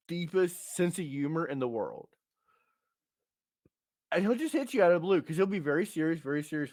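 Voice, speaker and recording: A slightly high-voiced man in his thirties hosts a podcast, chatting casually and telling crude stories punctuated by punchy asides. The audio is studio quality with no room sound.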